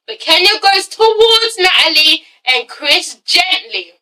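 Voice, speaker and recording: A woman reviewing a TV episode in a casual vlog, animated and swearing freely, often breaking into laughter. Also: very high voice, takes it slowly, recorded from a distance, rough recording. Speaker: TV show reviewer.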